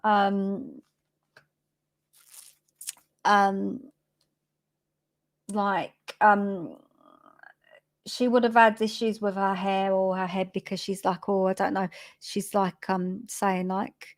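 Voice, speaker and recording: Lady doing a psychic reading, slow and unhurried, lots of ums, homely chatty way of talking. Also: medium pitch, level tone. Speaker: spiritual medium giving readings.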